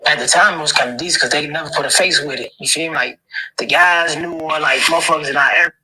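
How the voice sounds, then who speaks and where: A man's voice: on the high side, fast, crowd noise, low-quality recording. A man being interviewed, talking in a laid-back, rambling way with constant slang fillers. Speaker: interview guest. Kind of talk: casual street interview.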